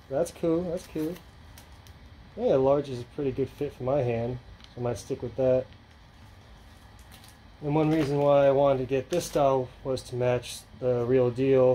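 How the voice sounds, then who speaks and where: Male channel host, casual rambling vlog delivery, warm low-lit tone, light background noise. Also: poor audio. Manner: rambling, filler-heavy, offhand.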